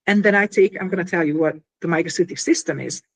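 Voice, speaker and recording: A fast-talking woman with a lowish voice explains her invention in an interview. She's casual and animated, filling her speech with fillers and little acted-out scenes.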